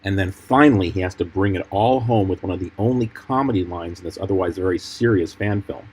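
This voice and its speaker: A man, a film editor, giving measured, explanatory commentary over clips from a fan film. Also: deep voice, a little hiss or hum, poor audio.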